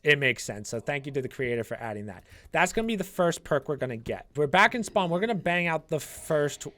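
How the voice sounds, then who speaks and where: A man casually talking viewers through a video game walkthrough, explaining each step in a chatty, relaxed way with plenty of fillers. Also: on the high side. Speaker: gaming channel host. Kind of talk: casual gameplay walkthrough commentary.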